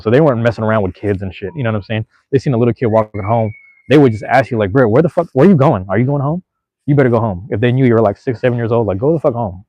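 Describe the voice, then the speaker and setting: A man's voice: on the low side, dry recording, lo-fi sound. A young man from Seattle, hosting a podcast and telling a childhood story in a laid-back, slangy, profane way. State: out of breath. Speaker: podcast host. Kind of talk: casual storytelling.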